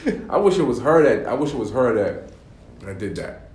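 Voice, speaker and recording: A man's voice: medium pitch, sing-song, moderate pace, a little mellow. A man as a guest in a casual panel chat, talking animatedly and laughing through his words. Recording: roomy echo with faint ambience.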